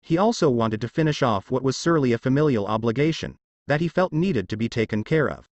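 A man narrating a fan fiction story in an even storytelling delivery. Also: mid-range voice, a little fast, no room sound, lo-fi sound.

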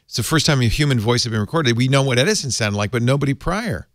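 A man hosting a casual tech talk show, animated and quick, laughing often, in a studio. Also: mid-range voice, no room sound. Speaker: podcast host. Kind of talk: casual chat. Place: radio studio.

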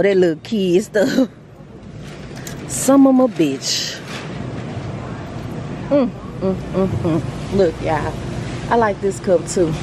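A young woman, talking to a handheld phone camera in an animated, outspoken vlog, cursing freely. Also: lowish voice. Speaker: vlogger. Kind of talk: casual vlog chat. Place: in stores and a car. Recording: background noise from stores and car. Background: store and car noise.

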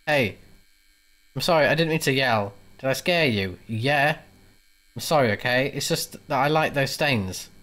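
A man's voice: mid-range voice, normal speed, a bit bright, natural voice. A man voicing an erratic, obsessive male drifter in a horror game, pleading one moment and snapping the next. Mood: unhinged. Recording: mains hum behind.

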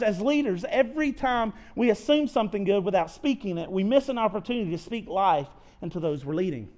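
A pastor preaches to his church in a fairly high voice for a man. He talks earnestly and confessionally, in a sermon style. He often stumbles and restarts, repeating words as he goes. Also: lively intonation, a little fast, few pauses, darkish tone. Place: church sanctuary.

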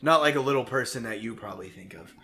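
A man's voice: mid-range voice, animated, quick pace, sharp tone. A man co-hosting a video game playthrough, joking and teasing in casual commentary. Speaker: let's play co-host.

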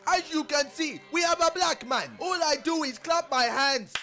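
A man's voice: very high-pitched, normal speed, over loud music, pitched above the performer's own voice. A man putting on a grandiose Nigerian scammer. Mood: scheming. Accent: put-on Nigerian. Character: scheming male Nigerian scam artist. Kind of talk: comedy sketch.

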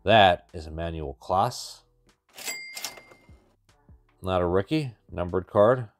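A man's voice: low-pitched, lively intonation, slow, soft background music. A man hosting a card-opening channel, giving wry, chatty running commentary as he opens packs. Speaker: card-breaking channel host. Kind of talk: casual pack-opening commentary.

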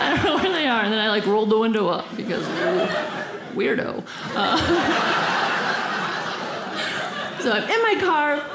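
Giggly high-voiced woman doing stand-up. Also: a bit bright, slight background noise. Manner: giggly, bubbly, acts out voices. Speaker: stand-up comedian. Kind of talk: stand-up storytelling. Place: comedy club stage. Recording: roomy club sound with audience.

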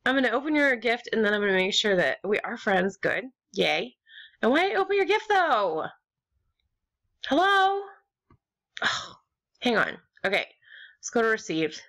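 A young American woman rambling and gushing as she opens gifts in an online game, with sudden squeals and low mutters. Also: big pitch swings, normal speed, a bit bright. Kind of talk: casual gaming commentary.

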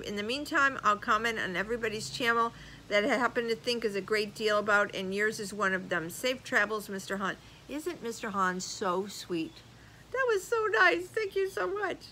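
An older woman vlogger chatting casually as she reads viewer comments aloud, animated and laughing often. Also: mid-range voice, a little hiss or hum, rough recording. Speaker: YouTube vlogger. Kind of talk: casual chat reading comments.

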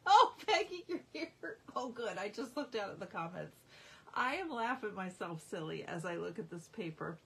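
A woman's voice: fairly low pitch, expressive, normal speed, vocal fry, fairly bright tone, husky. A woman hosting a live craft stream, chatty and easily amused as she shows off patterned paper at home. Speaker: craft demonstrator. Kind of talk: live-stream product showing.

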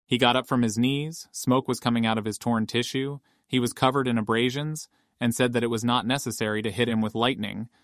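A man reading a scripted story recap in a steady, matter-of-fact way. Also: medium pitch, fairly quick, hardly any pauses, no room sound, studio quality. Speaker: recap narrator.

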